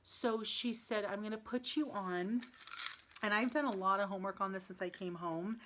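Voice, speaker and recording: A woman in her late thirties speaks to the camera in a casual vlog. She sounds upset and close to tears, restarts her sentences often and fills the pauses with ums. Her voice sits at a middle pitch. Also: fairly bright tone, slight background noise. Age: 30s. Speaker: vlogger.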